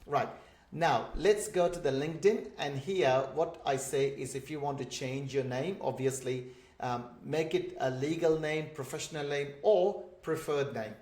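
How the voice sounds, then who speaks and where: A man's voice: on the high side, a little slow, darkish tone. Indian man in an echoey room. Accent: Indian English. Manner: patient, explanatory, spells out examples. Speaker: instructor for migrant job seekers. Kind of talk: online course lesson.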